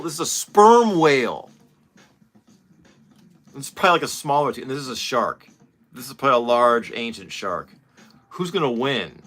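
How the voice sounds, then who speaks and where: A man in his forties talks his way through a casual vlog, rambling and excitable, with plenty of profanity. His voice is bright and forceful, at a middle pitch. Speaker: channel host.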